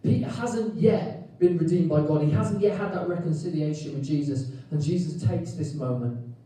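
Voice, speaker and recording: A man with a Welsh accent preaching a sermon, telling the story lively with jokes and acted-out quotes, recorded in a church hall. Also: on the high side, normal speed. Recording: echoey hall, mic at a distance.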